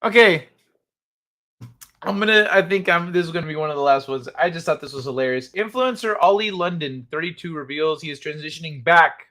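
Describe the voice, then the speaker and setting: A man's voice: high-pitched, animated, normal speed, bright, forceful tone. A man hosting a casual late-night livestream, reading headlines aloud, swearing freely and laughing often. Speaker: livestream host.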